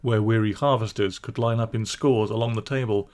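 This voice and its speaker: A man narrating a classic children's storybook in a calm, measured way. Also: fairly low pitch. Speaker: audiobook narrator.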